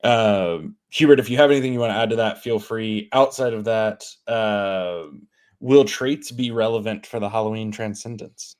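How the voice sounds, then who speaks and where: A man's voice: lowish voice, normal speed, a little mellow, smooth. A man co-hosting a game livestream Q&A, talking in a casual, friendly way and saying "y'all". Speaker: livestream co-host.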